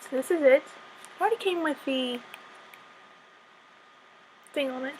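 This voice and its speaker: A young woman vlogging a casual unboxing, chatty and self-deprecating, teary and close to crying with excitement. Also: sits high, measured pace, pauses often, slight background noise, rough recording.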